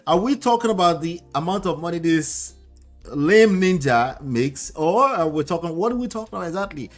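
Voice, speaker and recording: A fairly high-voiced man comments on clips, firing off disbelieving questions and chuckling between points. Faint music plays behind him. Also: moderate pace. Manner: animated, incredulous questioning with laughs. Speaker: host reacting to clips. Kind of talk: commentary on celebrity clips, reading chat.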